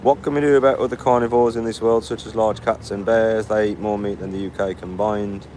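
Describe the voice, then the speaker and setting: A man talks to his live chat while out on a long walk, worn out and answering in a blunt, mocking way. His voice sits a little low, and faint street and traffic noise runs behind him. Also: fairly even intonation, darkish tone. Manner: blunt, mocking, quick retorts. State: tired from walking. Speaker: vlogger reading live chat. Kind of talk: casual live-stream chat.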